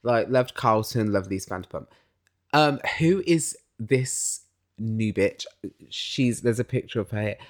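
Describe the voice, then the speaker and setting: Lively, gossipy British recap host. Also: medium pitch, a little slow. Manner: ranting, gossipy, swears freely, laughs often. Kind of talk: casual solo recap chat.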